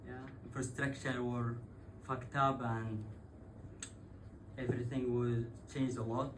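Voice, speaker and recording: This stage storyteller from Yemen has a mid-range voice and a slow pace. He laughs and swears while vividly recounting something that happened to him, heard from a distance with clear background noise.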